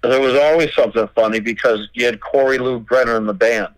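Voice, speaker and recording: A man's voice: mid-range voice, fast, dry recording, low-quality recording. A middle-aged man, a record label owner, telling stories as a podcast guest, acting out dialogue and swearing freely. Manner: animated, acts out quoted dialogue, swears freely. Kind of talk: casual storytelling interview.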